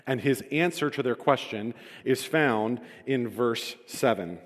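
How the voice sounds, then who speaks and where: A man's voice: mid-range voice, unhurried. A man preaching a sermon in a conversational, self-deprecating storytelling manner, in a church hall. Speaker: pastor. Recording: reverberant hall.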